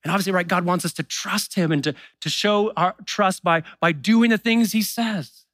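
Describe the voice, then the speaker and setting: A man preaching a sermon in a relaxed, conversational way, acting out the doubts of believers in quick asides. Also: high voice, no echo. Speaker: pastor.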